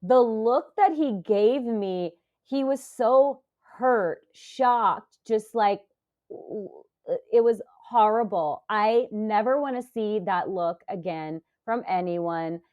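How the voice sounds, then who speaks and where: A woman's voice: medium pitch, slow, highs cut off. Woman telling a story, hesitant and emotional. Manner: emotional, hesitant retelling with many fillers. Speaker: podcast guest. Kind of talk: casual interview storytelling.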